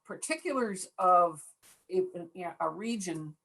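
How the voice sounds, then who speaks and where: Woman instructor, lowish voice, measured explainer on a video call. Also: lively intonation, creaky, pushed and bright, breathy edge, poor audio. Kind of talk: online meeting.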